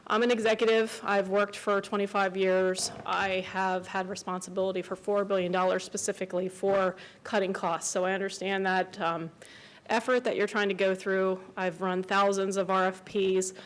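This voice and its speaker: A woman's voice: mid-range voice, little pitch movement, normal speed, low-quality recording. Resident woman, forties, earnest and emotional, pleading at a county meeting. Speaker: resident speaking at public comment. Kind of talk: public comment at county meeting.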